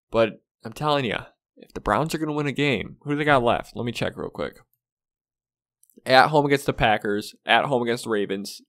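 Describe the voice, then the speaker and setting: A man's voice: mid-range voice, fairly bright tone. A man hosting his own video of football game predictions, talking casually and bluntly, swearing and sounding fed up. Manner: blunt, profane, exasperated. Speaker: sports video host.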